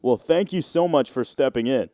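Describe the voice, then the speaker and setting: A man doing an impression of a polished male TV news host who speaks in a smooth, earnest broadcast voice. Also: medium pitch, animated, dark tone, dry recording, studio quality, close to an everyday voice. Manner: measured, overly smooth broadcast delivery.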